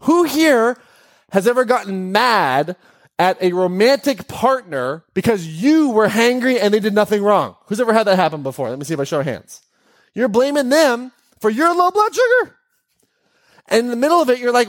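A man hosting a podcast, speaking in an animated way to a live audience and putting questions to them. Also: high-pitched, moderate pace. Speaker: podcast host.

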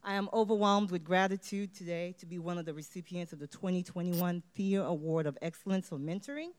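A woman's voice: lowish voice, steady tone, brisk. A woman giving a motivational award acceptance speech, leading her listeners in call-and-response chants.

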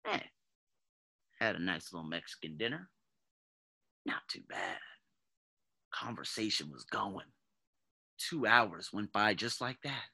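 A man in his thirties hosting a podcast, talking in a casual, blunt, profane monologue that swings between low muttering and loud outbursts. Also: sing-song, slow pace, creaky, pauses often, breathy edge. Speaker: podcast host.

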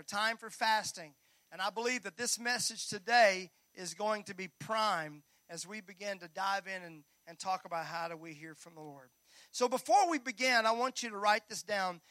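A male pastor preaching a Sunday sermon in a church, energetic and joking with the congregation. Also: high-pitched, no room sound. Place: church sanctuary.

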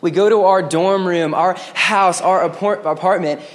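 A man preaching a lively sermon as pastor, joking with the congregation. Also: high-pitched, moderate pace. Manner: energetic, joking, acts out quoted voices. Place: church sanctuary. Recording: long hall reverb.

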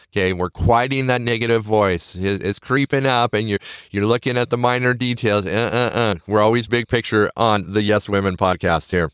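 A man's voice: lowish voice, normal speed, fairly bright tone, clean tone, dry recording, studio quality. A middle-aged man hosting a podcast, giving earnest, encouraging motivational talk that circles back to its key phrases. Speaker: podcast host.

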